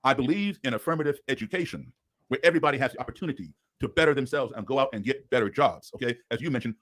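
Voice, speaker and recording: A man's voice: medium pitch, animated, racing, fairly bright tone. A man speaking as a podcast guest, explaining earnestly and telling stories, often checking in with "okay?". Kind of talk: podcast conversation.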